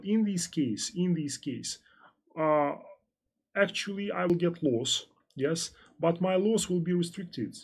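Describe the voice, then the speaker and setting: Reading and responding to chat questions during a live-stream trading lesson, this male instructor speaks with a Russian accent, being a native Russian speaker. His delivery is halting, repetitive, and filler-heavy, in a fairly high-pitched, darkish, husky voice.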